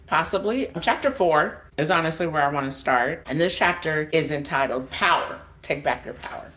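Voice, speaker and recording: A woman life coach hosting her podcast, speaking candidly and emotionally and addressing her listeners directly. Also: deep voice. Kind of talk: personal motivational podcast monologue.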